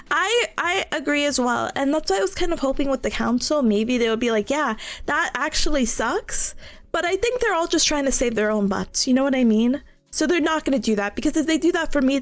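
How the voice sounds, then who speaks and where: Young woman streamer, high and very animated, giggly and self-mocking, soft music underneath. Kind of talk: casual chat with live chat.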